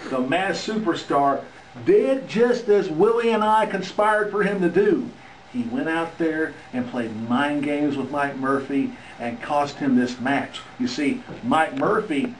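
A man plays a gloating wrestling manager, taunting his rivals. His voice sits fairly high. He sounds distant in an echoey room, with faint noise behind him. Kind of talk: wrestling promo.

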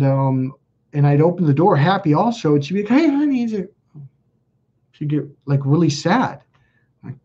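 Husky man telling stories animatedly. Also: a little high, dull audio. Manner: animated storyteller, acts out quoted dialogue in raised voices. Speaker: self-help video host. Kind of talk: casual spoken monologue to camera.

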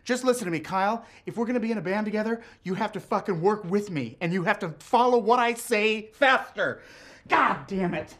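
A profane, bossy rock singer. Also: male voice, high voice, brisk. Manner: profane, impatient, bursts into shouting and singing. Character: brash, bossy young male rock musician. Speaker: band leader. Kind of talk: improvised film comedy. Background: loud guitar playing.

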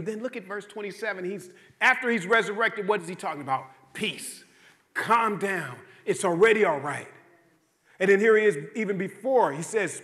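Bright, high-voiced joking male pastor. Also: expressive, normal speed. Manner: conversational, joking storytelling with repetition. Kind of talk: sermon. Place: church sanctuary.

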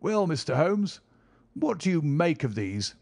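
A man doing an anxious country gentleman. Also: fairly high pitch, very animated, measured pace, voice pushed up, full character voice.

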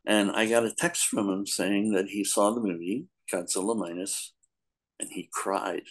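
A man's voice: on the low side, fairly even intonation, normal speed. An older man, a guest in a casual talk, telling long rambling stories with frequent laughs. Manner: rambling storyteller, laughs often, acts out quotes. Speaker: podcast guest, comics editor. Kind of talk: casual chat, anecdotes.

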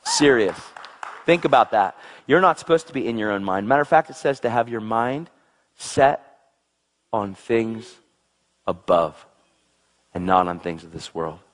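A man preaching a sermon in an excitable, exclamatory way, swinging between low, intense passages and loud, high outbursts. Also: unhurried, long pauses.

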